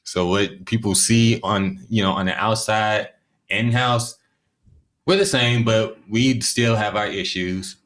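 A man co-hosting a casual podcast with a fairly low voice. He speaks in an easygoing, friendly way and chuckles along as he talks. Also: steady tone, takes it slowly, a bit bright. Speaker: podcast co-host. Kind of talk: casual chat.

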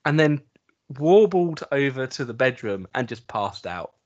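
Man, podcast co-host, rambling anecdote, lively swinging pitch, dull lo-fi sound. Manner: rambling, halting anecdote with laughs. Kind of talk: casual chat, storytelling. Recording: dull lo-fi recording.

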